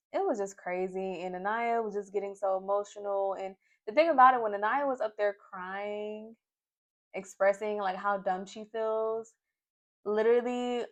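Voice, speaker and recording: A young woman, from Tennessee, casually recapping a reality show in an animated, storytelling way. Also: mid-range voice. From Nashville, Tennessee. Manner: animated storytelling, acting out the cast's quotes.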